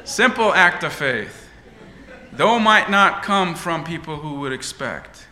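Male preacher, lively and bright, dramatic sermon delivery; echoey church hall. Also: on the high side, takes it slowly. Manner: dramatic, rising and falling delivery.

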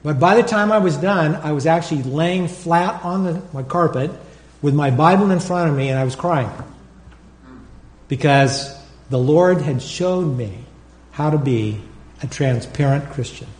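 Animated pastor preaching in an echoey church. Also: male voice, a little high, a little slow. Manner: animated, acts out prayers and calls for congregation responses. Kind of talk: sermon.

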